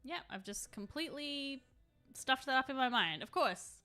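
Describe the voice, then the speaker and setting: A woman's voice: sits high, expressive, moderate pace, pushed and bright, faint music behind. A young adult woman chatting casually on a live stream while she paints, rambling and laughing often.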